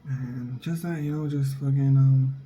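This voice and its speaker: A man's voice: medium pitch, fairly even intonation, unhurried, dark tone, husky, low-quality recording. Blunt, profane man ranting. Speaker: vlogger, father. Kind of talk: casual monologue.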